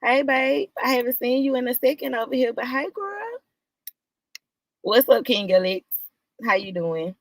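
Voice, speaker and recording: A woman hosting a live stream, greeting viewers one by one in a casual chat, with drawn-out greetings that jump up high. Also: fairly even intonation, no echo. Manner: warm, drawn-out greetings with sudden high lifts.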